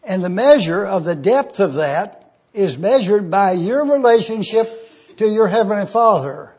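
Male preacher, high husky voice, deliberate repeated phrasing, muffled recording. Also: animated, darkish tone. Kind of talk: numbered teaching sermon.

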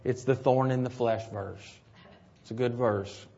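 A man delivers a sermon at a middle pitch, talking it through in a relaxed, conversational way. He keeps checking in with his listeners through rhetorical questions. The recording sounds a little dull and lo-fi. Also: measured pace, gravelly. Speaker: preacher.

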